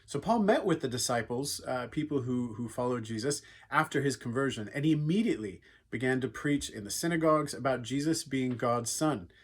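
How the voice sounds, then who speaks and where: A man's voice: mid-range voice, lively intonation, brisk, few pauses, husky. A man giving an earnest, conversational devotional talk for young people, retelling a Bible story. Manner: earnest, conversational, with frequent fillers. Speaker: youth speaker.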